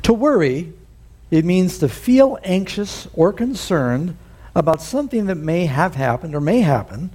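A man's voice: a little high, a little mellow, husky. A male pastor preaching a sermon, telling folksy stories and building to emphatic points. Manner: folksy storytelling with rising emphasis.

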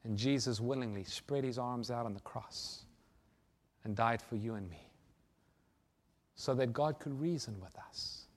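A man preaching a sermon and telling a story, swinging from loud emphasis to hushed near-whispers. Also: mid-range voice, breathy edge.

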